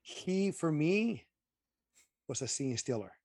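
A man's voice: fairly high pitch, slow pace, dry recording, studio quality. A man co-hosting a casual movie review chat, emphatic and opinionated as he airs his gripes. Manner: opinionated, emphatic, animated asides. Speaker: podcast co-host.

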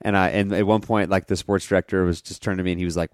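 A man's voice: deep voice, steady tone, fast talker, dry recording, studio quality. A man co-hosting a podcast in casual chat, rambling and laughing through his stories. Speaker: podcast co-host.

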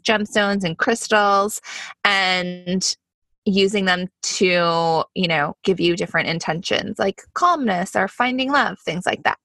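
A young woman in casual podcast chat, telling stories with plenty of "like" and quick asides. Her voice is bright and forward, recorded close and dry with no room sound. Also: medium pitch, no echo. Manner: chatty storytelling, peppered with "like". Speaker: podcast co-host.

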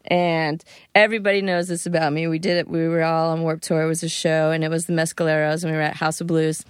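A woman's voice: sits low, fast, clear, resonant tone, no room sound. A woman guest on a podcast, telling casual stories and acting out the dialogue in them. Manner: animated anecdotes with quoted dialogue. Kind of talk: casual storytelling chat.

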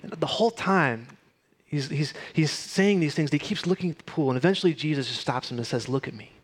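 A man's voice: on the high side, a little fast. Man preaching a conversational sermon. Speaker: pastor.

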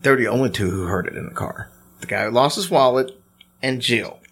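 A man casually telling ghost stories to his co-host on a podcast, animated and teasing. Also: medium pitch, brisk, gravelly, breathy edge. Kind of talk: casual storytelling chat.

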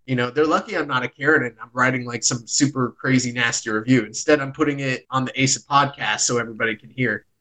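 A man's voice: mid-range voice, steady tone, quick pace, few pauses, pushed and bright, poor audio. A man, hosting a podcast and casually telling a long, rambling story with plenty of swearing. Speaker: podcast host.

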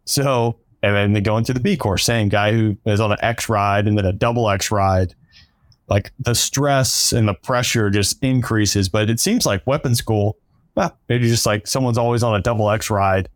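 A man's voice: lowish voice, normal speed, dry recording, studio quality. A man hosting a podcast, asking a long, loose question full of fillers in casual interview talk. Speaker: podcast host.

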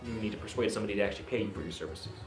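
Quick-talking male player, roomy sound. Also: on the low side. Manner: offhand, joking. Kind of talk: tabletop role-play. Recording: roomy echo. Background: faint music.

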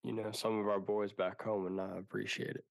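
A man's voice: on the low side, flat delivery, fairly quick, vocal fry, no echo, studio quality. A young man co-hosting a casual podcast chat, laid-back and teasing, with short replies. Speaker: podcast co-host.

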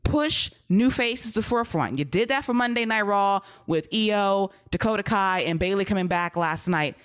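A woman's voice: mid-range voice, lively intonation, normal speed, smooth. Blunt woman podcast co-host. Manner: blunt, direct critique. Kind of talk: casual wrestling review chat.

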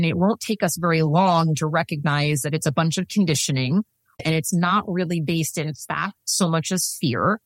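Her voice fairly low, this podcast guest, a sex and intimacy coach, hammers her key points with earnest emphasis. Quick to laugh but still serious, she's captured in a dry, close recording with no surrounding room.

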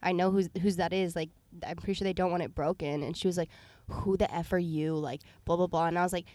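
A young woman guest telling stories in a casual chat, quick and full of "like" fillers. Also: fairly low pitch, fairly even intonation, warm tone. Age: young adult. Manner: quick, filler-heavy, lots of "like". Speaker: podcast guest. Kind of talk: casual storytelling.

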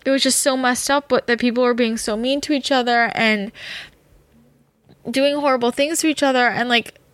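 A woman's voice: a little high, steady tone, moderate pace, a bit bright, no echo. Young woman ranting earnestly on a podcast. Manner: earnest, rambling, swears freely; gets worked up. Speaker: podcast host. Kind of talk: personal monologue.

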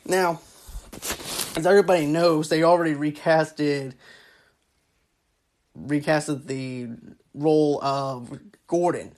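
A woman's voice: sits low, steady tone, slow, long pauses, a little mellow. A woman giving casual, rambling movie commentary, often repeating herself and stacking filler phrases. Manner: rambling, repeats "actually" and "go on ahead".

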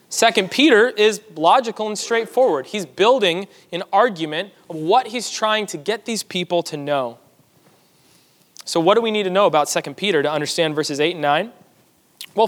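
High-voiced pastor in a reverberant hall. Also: male voice, expressive, moderate pace, fairly bright tone. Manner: conversational teaching with asides to the congregation. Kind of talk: sermon. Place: church sanctuary.

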